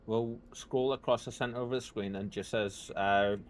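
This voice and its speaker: A man's voice: on the low side, fairly even intonation, moderate pace. A man streaming a video game, chatting casually to his viewers as he plays. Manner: chatty, talks to chat while playing. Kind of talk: casual let's-play commentary.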